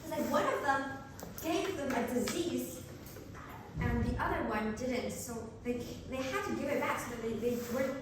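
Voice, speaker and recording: A young female listener in casual chat, answering in a halting way as she thinks aloud. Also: sits high. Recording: echoey room, distant mic, noise.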